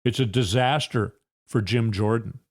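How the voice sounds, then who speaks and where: A man hosting a solo commentary show, his voice sitting at a middle pitch. He talks in a fired-up, indignant way, stacking one rhetorical question on top of another. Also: unhurried, slightly rough. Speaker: podcast host.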